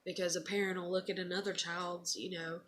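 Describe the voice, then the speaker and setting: A woman's voice: lowish voice, little pitch movement, brisk, a little hiss or hum. A woman in her thirties, a mother, casually chatting and reading her child's old letters aloud, rambling and emotional. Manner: rambling, soft-spoken, emotional. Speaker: vlogger, mother.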